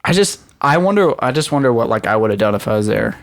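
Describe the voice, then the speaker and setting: A man's voice: mid-range voice, quick pace, vocal fry. A man co-hosting a podcast, chatting casually and acting out the people in his stories. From Las Vegas, Nevada. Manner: animated storyteller acting out quoted people. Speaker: podcast co-host. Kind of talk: casual chat.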